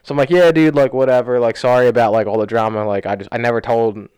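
Fast-talking young man telling a story. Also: mid-range voice, smooth, no room sound. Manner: rambling, fast, lots of "like", animated retelling. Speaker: podcast co-host. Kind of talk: casual storytelling chat. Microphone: studio podcast mic.

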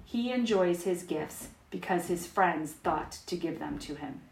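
A woman's voice: on the low side, animated, measured pace, gravelly, a little hiss or hum. Woman leading prayer over echoey intercom. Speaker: school volunteer leading morning prayer.

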